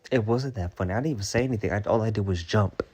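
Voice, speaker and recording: A man's voice: on the low side, rapid-fire, a little mellow, slightly rough. A man ranting through a storytime vlog, profane and exasperated, firing off rhetorical questions. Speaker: storytime vlogger. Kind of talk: casual storytime rant.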